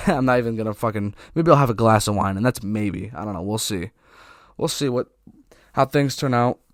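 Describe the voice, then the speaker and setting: A man's voice: on the low side, animated, normal speed, dry recording. A young man hosting his own podcast alone, rambling loosely with lots of fillers and the odd curse word, his throat a little dry. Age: young adult. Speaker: podcast host. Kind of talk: casual solo podcast talk.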